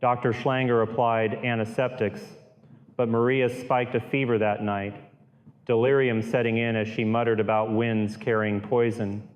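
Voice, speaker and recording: A man narrating a true-crime style horror audiobook in a steady, grave storytelling voice. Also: mid-range voice, normal speed, muffled recording.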